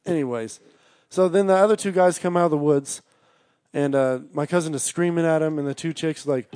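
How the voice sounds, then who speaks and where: A man telling a long story in casual chat, rambling, swearing constantly, and shouting out the lines of the people he quotes. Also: a little high, a little fast, dry recording, clean studio sound. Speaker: storyteller guest.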